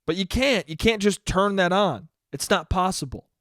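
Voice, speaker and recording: High-voiced man ranting solo. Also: animated, moderate pace, a bit bright, no echo, studio quality. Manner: profane, self-mocking rant with acted-out inner voices. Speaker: podcast host. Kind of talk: solo comedic monologue.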